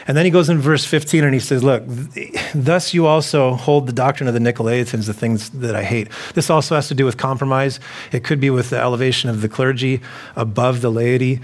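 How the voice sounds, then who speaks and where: A middle-aged man preaching a sermon to a congregation in a loose, conversational way, often repeating himself and putting questions to the listeners. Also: medium pitch. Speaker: pastor.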